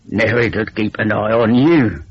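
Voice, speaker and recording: A man voicing a sinister old man who speaks slowly and with dry menace in a storybook reading. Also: lowish voice, husky, muffled recording. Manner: slow, measured, dryly menacing.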